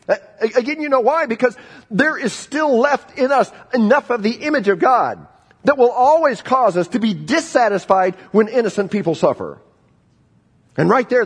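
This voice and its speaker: A male pastor delivers a sermon in a high, husky voice, dropping from loud emphasis to hushed, slow refrains. His pitch rises and falls widely. The church sanctuary around him leaves a long trailing reverb. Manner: dramatic swings from loud emphasis to quiet, drawn-out refrains.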